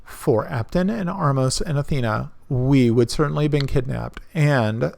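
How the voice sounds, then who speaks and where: A man's voice: medium pitch, normal speed, creaky, a little mellow. A man voicing a frightened young girl who rambles breathlessly. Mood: anxious.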